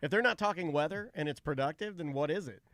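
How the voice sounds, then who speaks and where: A man's voice: a little high, fast, fairly bright tone, dry recording. A man from Florida co-hosting a live talk show, trading jokes and firm opinions in loose conversation. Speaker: co-host. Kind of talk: casual chat on a live show.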